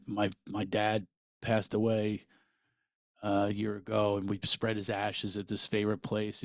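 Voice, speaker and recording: A middle-aged man hosting a podcast, telling a personal story in an animated way and acting out what others said. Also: on the low side, no echo, studio quality. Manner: animated, quotes people in lively voices. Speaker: podcast host.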